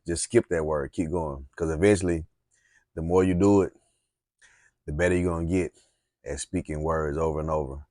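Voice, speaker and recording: A man with a very deep voice and a Southern US accent gives relaxed, encouraging speaking tips. He rambles a little and says "um" now and then. The recording is dry and close, with no room sound. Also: moderate pace, pauses often, no echo. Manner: relaxed, encouraging, rambling with fillers and reading aloud. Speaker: speaking coach. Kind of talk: casual instructional talk.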